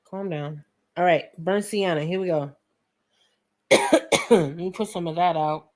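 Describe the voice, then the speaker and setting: A young woman hosting a casual painting tutorial at home, chatty and joking with viewers, often clearing her throat. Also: on the low side, a little slow, darkish tone. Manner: chatty, joking asides, talks to viewers as friends; frequent laughs and throat clearing. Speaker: art tutorial host. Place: home studio with a fan running.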